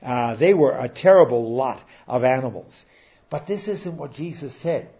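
An earnest man preaches a sermon in a fairly high voice, swinging between emphatic peaks and quiet low stretches. The recording is dull and lo-fi. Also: animated, normal speed.

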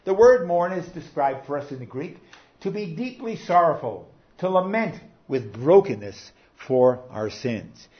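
A man preaching a sermon earnestly, with rising and falling emphasis and frequent pauses. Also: medium pitch. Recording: slightly dull lo-fi sound.

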